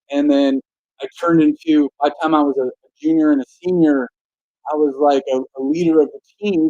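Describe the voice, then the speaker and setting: A man's voice: a little high, warm tone, dry recording, highs cut off. A young adult man from the United States telling a personal story in a casual, earnest way, with frequent restarts and "like". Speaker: motivational speaker.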